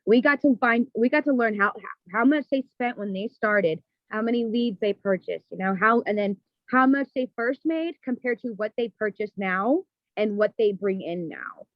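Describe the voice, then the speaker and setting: A woman's voice: a little high, expressive, normal speed, no room sound. Casting: casual female agent, mid voice, muffled and dry. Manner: chatty, many "like"s and "you know"s. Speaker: insurance agent. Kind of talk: casual call.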